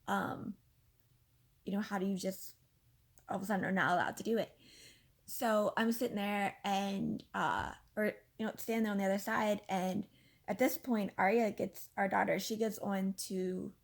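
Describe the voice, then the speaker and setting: A woman in her thirties tells a personal story in a casual, exasperated way, full of fillers. Her voice is gravelly with a husky edge, and her pitch sits in an ordinary middle range. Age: 30s. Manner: animated, exasperated, lots of fillers. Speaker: vlogger.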